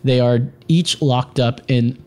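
A man's voice: mid-range voice, slow, a little mellow. A man hosting a casual podcast who reads news stories aloud and riffs on them with sarcasm and profanity. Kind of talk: casual crude news commentary.

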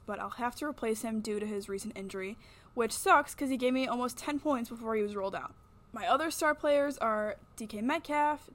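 A young woman hosts a sports podcast in a slightly higher voice. She reads a scripted weekly recap but keeps breaking into chatty, candid asides about her own take. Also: fairly bright tone. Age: young adult. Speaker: podcast host.

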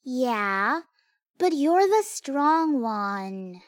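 An eager, cheeky young girl in an audio drama, high and bright, her voice swooping all over the place. She drags her words out slowly and sounds very close and dry. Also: dry recording, heavily acted. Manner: bright and excitable. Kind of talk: full-cast audio drama acting.

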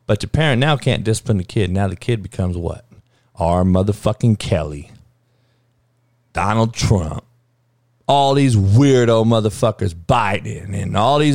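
A man's voice: on the low side, very animated, normal speed, no echo, clean studio sound. A man hosting his own talk show, ranting heatedly and swearing constantly in street slang. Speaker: sports talk show host. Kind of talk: unscripted profane rant.

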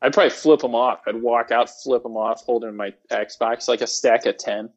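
A man co-hosting a podcast and scheming out loud with sly glee, in casual comedic chat. His voice sits at a middle pitch. The recording sounds a little dull. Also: fairly even intonation, normal speed. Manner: scheming, mischievous storytelling. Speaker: podcast co-host.

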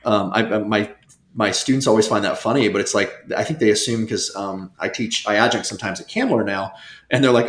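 A man speaking as a guest scholar in a casual interview, animated and rambling, with many restarts. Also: on the low side, brisk, reverberant.

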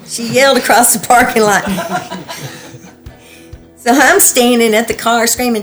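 A woman, telling her story as an interviewee in halting bursts full of restarts. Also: fairly high pitch, fairly bright tone, faint music behind. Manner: halting, breathless retelling with restarts and laughter. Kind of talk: personal storytelling.

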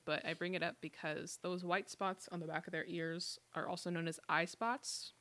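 A woman hosting a podcast, telling facts in a relaxed, explanatory way with frequent laughs. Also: lowish voice, moderate pace. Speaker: podcast host telling the story. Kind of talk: casual chat.

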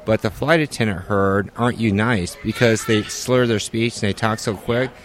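A man's voice: fairly low pitch, normal speed. A man on a flight crew, retelling a funny passenger mix-up in a plain, matter-of-fact way. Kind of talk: casual anecdote telling.

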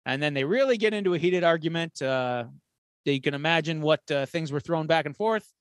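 Animated man retelling a movie plot. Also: on the high side, a little fast, no room sound, studio quality. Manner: animated storyteller acting out quotes with swearing. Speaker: podcast co-host. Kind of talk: casual retelling of a film plot.

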